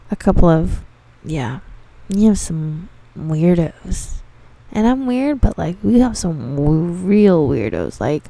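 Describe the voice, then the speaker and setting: Dark-voiced woman telling profane work stories. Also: lowish voice, gravelly, no echo. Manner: profane, laughing, exasperated storytelling. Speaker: dispensary receptionist. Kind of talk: casual storytelling monologue.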